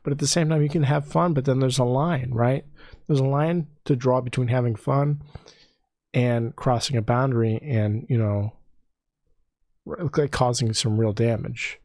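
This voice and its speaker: A man's voice: mid-range voice, moderate pace, no room sound. A man co-hosting a podcast, chatting casually and sarcastically, telling stories with lots of energy and joking bits. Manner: joking, sarcastic, animated storytelling. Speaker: podcast co-host. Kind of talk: casual chat.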